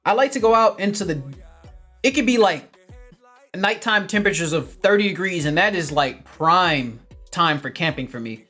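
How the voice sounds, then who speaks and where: Upbeat and laughing often, a man with a high-pitched, sharp-toned voice reads viewer comments on a casual livestream. He speaks expressively at a moderate pace over faint background music.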